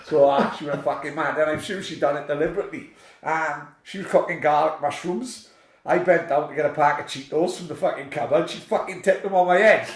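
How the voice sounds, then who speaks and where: A man's voice: fairly high pitch, fairly quick. A man co-hosting a podcast, telling rambling, sweary comic stories in casual chat. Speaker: podcast co-host. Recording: roomy, off-mic sound.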